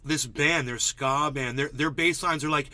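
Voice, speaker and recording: Bright-voiced chatty man saying "bro". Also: fairly high pitch, steady tone, moderate pace, no echo. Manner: rambling, says "like" and "bro" a lot. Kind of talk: casual chat about music.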